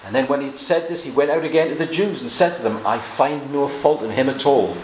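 A man's voice: medium pitch, a little fast, darkish tone. A man preaching an expository sermon, reading scripture aloud and explaining it verse by verse. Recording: echoey room with faint noise.

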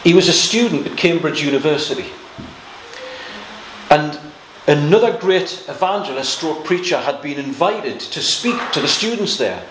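A man preaching a sermon, telling a story with asides and little laughs, and slowing down to stress key words. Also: on the high side, lively intonation, reverberant, noisy background.

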